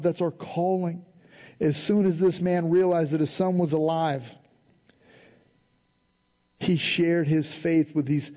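A man's voice: a little high, warm tone, lo-fi sound. A man preaching a sermon as pastor, building emphasis and asking the congregation questions to answer aloud, with the odd joking aside. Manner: preaching with rising emphasis and call-and-response questions.

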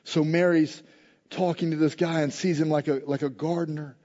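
Male pastor, animated storyteller mid-sermon, slightly high voice, dull recording in a reverberant hall. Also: normal speed. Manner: animated storytelling, acting out quoted lines with humor. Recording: echoey hall, dull lo-fi sound.

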